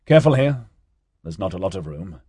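A man's voice: low-pitched, sing-song, brisk, mellow, slightly rough, no room sound, clean studio sound, heavily acted. A man voicing a flustered, defensive male technician in an audiobook. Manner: defensive, protesting.

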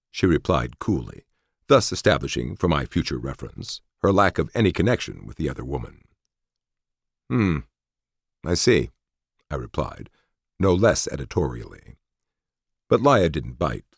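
Deep, gravelly male audiobook narrator. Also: big pitch swings, normal speed, dry recording. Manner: dry, wry storytelling. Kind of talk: first-person audiobook narration.

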